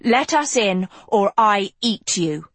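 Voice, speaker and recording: A gruff, blunt teenage girl who talks plainly and pushes hard, voiced by a woman. Her delivery is unhurried, close and dry. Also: mid-range voice, expressive, dry recording. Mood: pressing. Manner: blunt, pressing.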